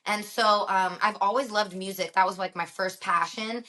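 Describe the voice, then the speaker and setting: A woman's voice: mid-range voice, steady tone, moderate pace, sharp tone. A woman from Los Angeles with a slight country twang, chatting as a guest in an upbeat way and laughing easily. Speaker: guest, singer. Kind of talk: casual interview chat.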